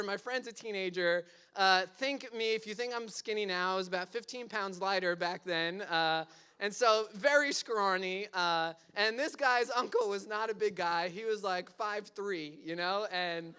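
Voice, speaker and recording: Bright-voiced high man preaching. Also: smooth. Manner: animated storytelling, frequent "like" fillers. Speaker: pastor. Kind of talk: sermon with personal story.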